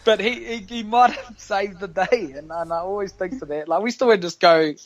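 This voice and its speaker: A man's voice: sits high, moderate pace. A man with a New Zealand accent, a podcast guest telling stories in casual, slangy chat and laughing often. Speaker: guest, professional rugby player.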